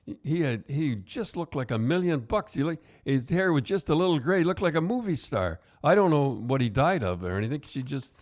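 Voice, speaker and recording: A man's voice: a little high, very animated, fairly quick, hardly any pauses. An older man, a podcast host and retired hockey coach, telling casual stories in a rambling way with many restarts. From Canada. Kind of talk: casual storytelling.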